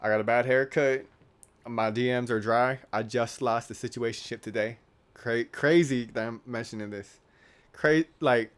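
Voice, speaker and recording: This late-teen YouTuber rambles through a casual vlog, joking at his own expense. His mid-range voice is smooth with fairly even intonation and a moderate pace.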